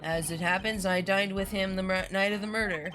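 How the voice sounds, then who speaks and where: Woman doing a calm, polished senior lawyer. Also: medium pitch, fairly quick, soft background music, lightly acted. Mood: smooth. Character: smooth, composed male senior defense attorney.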